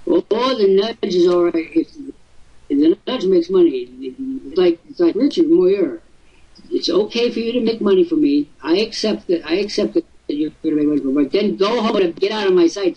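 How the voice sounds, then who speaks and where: A man in his seventies hosting a live webinar, teasing and firing off rhetorical questions, his voice swooping high for emphasis. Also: warm tone, husky. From Illinois, USA. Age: 70s. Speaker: host. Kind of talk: webinar talk. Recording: dull lo-fi webinar audio.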